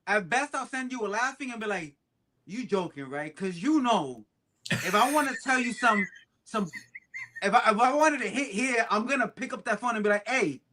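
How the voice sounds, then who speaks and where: A man with a high, bright voice talks emphatically on a casual podcast. His level swings from loud to quiet as he drives a point home. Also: animated, moderate pace, a little hiss or hum. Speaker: co-host. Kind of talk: casual chat.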